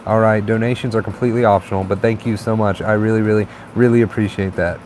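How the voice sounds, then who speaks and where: A man hosting a casual live stream, chatting in a relaxed, encouraging way and reading viewer comments aloud. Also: lowish voice, fast talker, slight background noise. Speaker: livestream host.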